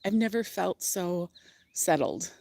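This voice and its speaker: A woman's voice: on the low side, animated, takes it slowly, vocal fry, a little mellow, no echo. A young woman livestreaming from outdoors on her farm, talking in a gushing, chatty way with fillers and laughs. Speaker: livestream host. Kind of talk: casual livestream tour.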